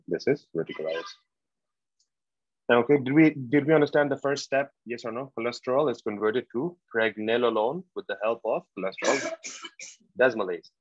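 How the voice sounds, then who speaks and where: Man, medical lecturer, deep voice, slow and repetitive, quizzes students, muffled lo-fi sound. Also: no room sound. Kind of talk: exam prep lecture. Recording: dull, dry lo-fi lecture recording.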